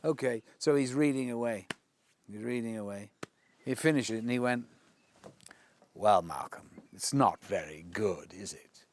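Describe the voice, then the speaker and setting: A man's voice: fairly low pitch, unhurried. A man telling anecdotes in an interview, acting out the quoted dialogue with shifting voices. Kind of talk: anecdotal storytelling.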